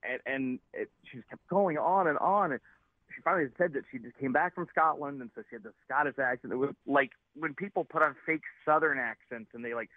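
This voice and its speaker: A man rants bluntly over a phone line, clearly exasperated as he talks. The sound is thin and tinny, like an old phone call, with no room echo at all. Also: medium pitch. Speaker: caller. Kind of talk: phone call on a radio show.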